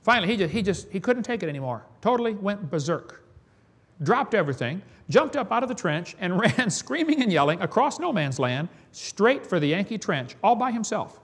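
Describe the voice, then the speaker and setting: A man's voice: sits high, very animated, a little fast, husky. A man preaching a sermon, telling folksy stories with chuckles.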